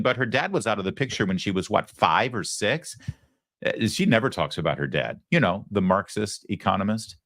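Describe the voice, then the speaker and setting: Male political talk host, deep voice, dry close sound, sarcastic and emphatic. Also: a bit bright, no room sound. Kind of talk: opinionated commentary.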